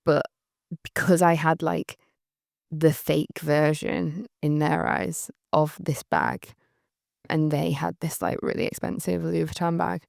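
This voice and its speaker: A woman's voice: low voice, little pitch movement, slow pace, vocal fry, darkish tone, no echo, studio quality. Chatty woman, light northern English accent. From Northern England. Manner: chatty, rambling, laughs often, many "like" fillers. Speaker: photographer recalling her career. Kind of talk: candid anecdotal monologue.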